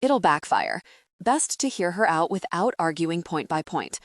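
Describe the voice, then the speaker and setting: A woman voicing a calm, diplomatic young adult brother who explains things gently in an audiobook. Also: lowish voice, measured pace, no room sound, clean studio sound.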